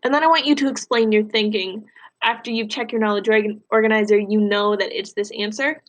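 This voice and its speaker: A woman's voice: medium pitch, fairly quick. Woman teacher reading aloud. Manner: plain, steady reading with instructions to students. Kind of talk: reading a novel aloud and giving a recorded lesson.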